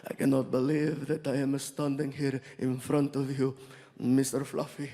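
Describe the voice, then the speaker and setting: A man's voice: mid-range voice, flat delivery, moderate pace, vocal fry, mellow, pitched below the performer's own voice, close to an everyday voice. A comedian voicing an emotional Saudi man with a Middle Eastern accent who pleads earnestly in broken English. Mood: pleading. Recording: long reverb of live venue.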